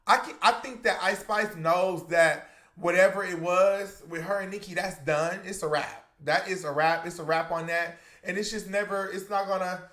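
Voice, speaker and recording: A man's voice: sits high, fairly even intonation, moderate pace, pushed and bright. A man giving celebrity gossip commentary to his viewers, chatty and emphatic, calling them "y'all.". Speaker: commentary YouTuber.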